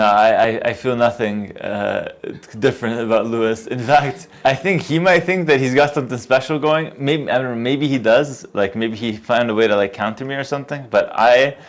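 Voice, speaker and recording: A man talking through a post-match interview at a gaming event. His voice sits at an ordinary middle pitch, and he sounds relaxed and confident, with many fillers and restarts. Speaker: tournament player interviewed.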